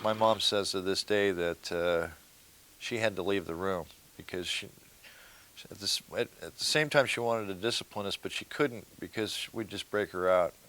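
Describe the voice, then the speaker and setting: A man recalling his childhood family in an interview, in a relaxed, reflective way. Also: deep voice, moderate pace, a little hiss or hum. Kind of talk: interview recollection.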